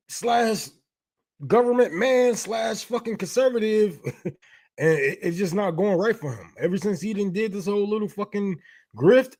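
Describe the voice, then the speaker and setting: A male live-stream host whose voice sits on the higher side. He ridicules what he has just heard, swearing freely. He breaks into laughter often as he comments. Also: a little mellow.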